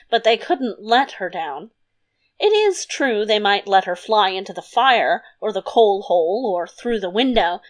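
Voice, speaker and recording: A woman narrating a fairy tale in a gentle, even reading voice. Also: fairly high pitch. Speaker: audiobook narrator. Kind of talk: storybook narration.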